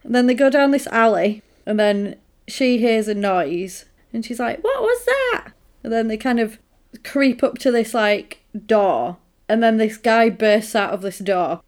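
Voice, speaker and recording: A woman's voice: on the high side, unhurried, a little mellow. A woman co-hosting a podcast, retelling a film in a chatty, amused way. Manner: chatty, amused storytelling with quoted asides. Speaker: podcast co-host. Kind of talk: casual chat.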